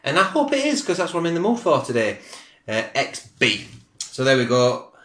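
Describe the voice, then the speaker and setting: A man's voice: medium pitch, wildly swooping pitch, normal speed, a bit bright. A middle-aged man, reviewing beer in a chatty, rambling, self-deprecating way, recorded at home on a camera mic. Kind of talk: casual video review. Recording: roomy home room echo.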